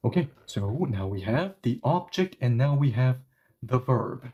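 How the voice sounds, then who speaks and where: A man teaching a live language lesson, explaining grammar step by step and often correcting himself with quick apologies. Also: medium pitch, expressive, lo-fi sound.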